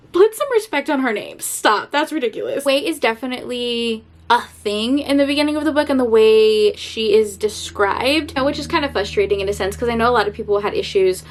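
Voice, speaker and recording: A young woman vlogging casually about a book she is rereading, chatty and animated, laughing and swearing now and then. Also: a little high, fairly quick. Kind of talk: casual vlog chat.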